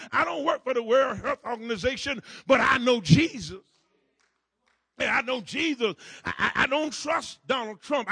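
A man preaching a fervent sermon, repeating words in rhythm, rising into shouts and calling on the congregation to answer. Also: extremely high pitch, creaky, slightly rough, dry recording. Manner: call-and-response with the congregation. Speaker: pastor.

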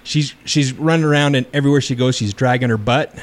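Man, podcast host, prank call, deadpan, fake worried tone. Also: mid-range voice, quick pace, a little hiss or hum. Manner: feigning earnest worry, deadpan.

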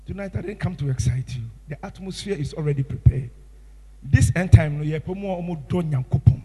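A man with a Ghanaian English accent preaching a sermon as pastor, impassioned, swinging from hushed tones to shouts. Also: high-pitched, expressive, moderate pace, breathy edge, long reverb tail.

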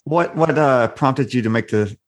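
A man from Arkansas hosting a podcast, asking easygoing, halting questions in casual interview chat. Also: medium pitch. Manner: easygoing, laughs along, halting with fillers. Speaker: podcast host.

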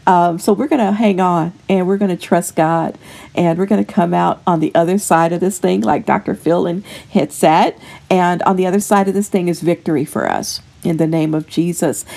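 A woman's voice: lowish voice, creaky, mellow. A woman in her fifties hosting a casual Christian devotional talk in an earnest, homey way, with many fillers and restarts. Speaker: Christian devotional podcast host. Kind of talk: casual faith encouragement talk.

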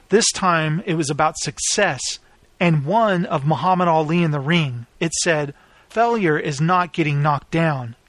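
Man, storyteller, steady and plain, a bit high-pitched, dry close-miked sound. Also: no echo. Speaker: author and narrator. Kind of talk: scripted audiobook narration.

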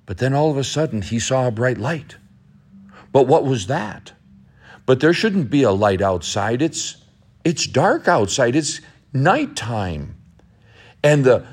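A man telling a children's story aloud, in a slow, gentle, repetitive way. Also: medium pitch, slightly rough. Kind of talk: storytelling narration.

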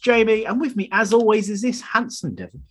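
Husky-voiced Brummie man. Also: high voice, very animated, brisk. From Birmingham, England. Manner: playful, teasing, laughs often. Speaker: podcast co-host. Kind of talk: casual chat.

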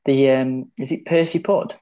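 A man's voice: medium pitch, steady tone, normal speed, dark tone, clear, resonant tone. A man co-hosting a podcast, chatting casually and joking around with easy laughs. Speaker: podcast co-host. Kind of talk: casual chat.

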